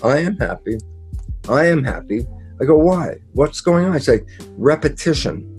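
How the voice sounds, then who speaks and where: An older man speaks in a mellow, relaxed voice, telling stories with lots of animation and acting out the lines of quoted dialogue. He swears casually as he talks. Faint music plays softly underneath. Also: fairly high pitch, normal speed. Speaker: guest speaker. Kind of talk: animated interview talk.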